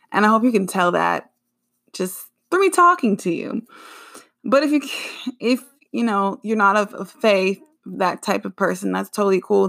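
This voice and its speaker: A woman's voice: medium pitch, gravelly, fairly bright tone. A woman hosting her own podcast, talking casually and rambling with frequent self-corrections. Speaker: podcast host. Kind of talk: casual solo podcast chat.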